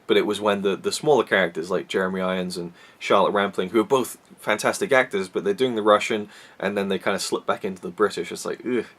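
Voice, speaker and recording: Rambling man reviewing a film, low voice. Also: steady tone, fast, a bit bright. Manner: rambling, many restarts and fillers. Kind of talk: casual solo movie review.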